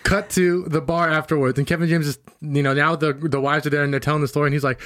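A man co-hosting a casual podcast chat, an animated storyteller who acts out the quotes he recounts. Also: a little high, fast talker, hardly any pauses. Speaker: podcast co-host.

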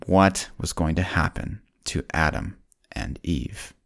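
A man narrating a Bible story for children, folksy and speaking straight to the kids, slowing down and dropping his voice on solemn points. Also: fairly even intonation, fairly bright tone. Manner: slows down and drops low on solemn points.

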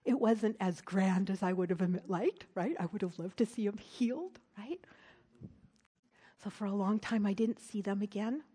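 A middle-aged woman preaching, telling a personal story in an earnest way that drops to a soft hush at tender moments. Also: medium pitch, normal speed, husky. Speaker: speaker at a church service. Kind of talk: storytelling sermon.

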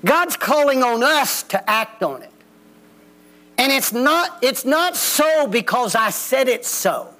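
Man preaching, high lively voice with gravel, folksy and blunt. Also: takes it slowly. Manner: preachy, folksy, plain-spoken. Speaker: pastor. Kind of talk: sermon. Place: church sanctuary.

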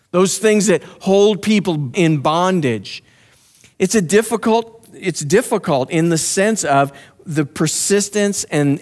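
A man preaching a passionate, pleading sermon, who drops to a soft, low voice when he prays aloud. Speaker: pastor.

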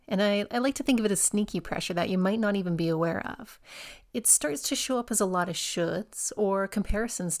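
Encouraging woman hosting a yoga-teacher podcast. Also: mid-range voice. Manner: warm, encouraging, asks the listener questions. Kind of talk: reflective solo podcast talk.

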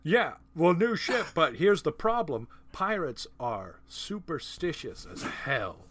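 A man hosting a casual podcast talk about movies, animated and laughing, with profane asides. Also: a little high, slow, slight background noise. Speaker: podcast host. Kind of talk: casual film discussion.

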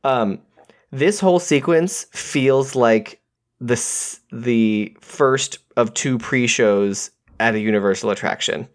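A man co-hosting a podcast, rambling and animated as he recaps a movie in casual conversation. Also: medium pitch. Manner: rambling, animated, quick to quote characters. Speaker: podcast co-host.

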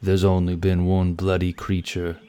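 A man's voice: sits low, completely flat delivery, a little slow, dark tone, clean tone. A man voicing an impatient male soldier who mutters his complaints. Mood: grumbling.

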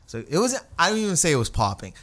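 A man's voice: a little high, quick pace. A man, a comedian, telling a rambling story in casual chat and acting out the people in it. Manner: rambling, animated, acts out quoted voices.

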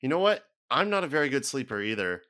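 A man hosting a podcast in casual chat, easygoing and chuckling, often pausing on fillers. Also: medium pitch, very animated, sharp tone. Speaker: podcast host.

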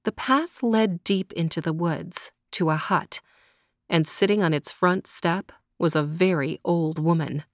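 A woman hosting a children's story podcast, narrating a folk tale in a gentle, measured way. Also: lowish voice, no echo, clean studio sound. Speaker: storyteller host.

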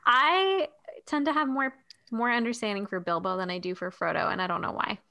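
A woman's voice: a little high, fairly quick, creaky, bright, forceful tone. A woman co-hosting a podcast in casual chat, thoughtfully explaining her views at length. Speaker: podcast co-host.

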